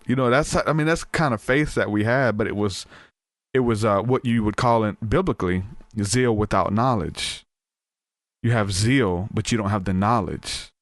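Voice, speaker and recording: A man with a fairly low voice tells an informal story as a podcast host, often stopping to act out what people said. He restarts sentences often as he goes. The sound is dry and close, with little room echo. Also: normal speed. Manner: animated, acts out quoted voices, frequent restarts.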